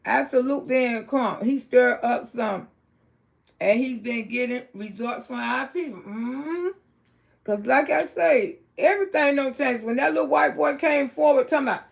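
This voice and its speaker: Gravelly blunt Southern woman on a livestream. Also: animated, unhurried. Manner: outspoken, blunt, swings from low murmur to loud exclaiming. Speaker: livestream host. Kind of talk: casual livestream commentary.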